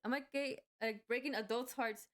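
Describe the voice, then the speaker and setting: A woman's voice: a little high, fairly even intonation, moderate pace, fairly bright tone. A young woman telling a work story casually, with rambling restarts and frequent fillers. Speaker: vlogger.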